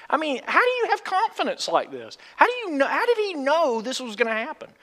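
High, lively-voiced man preaching in a hall. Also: a little fast, few pauses. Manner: folksy, asks the congregation questions. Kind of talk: sermon. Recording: long hall reverb.

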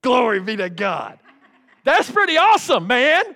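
Animated preacher man. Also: normal speed. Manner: animated and folksy, swooping between loud highs and low asides. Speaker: pastor. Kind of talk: sermon.

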